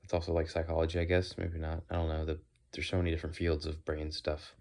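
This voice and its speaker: Rambling young man with a deep voice. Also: completely flat delivery, fast, a little mellow. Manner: rambling, opinionated, plays with accents and silly sounds. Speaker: vlogger. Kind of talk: casual walking monologue. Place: outdoors, walking.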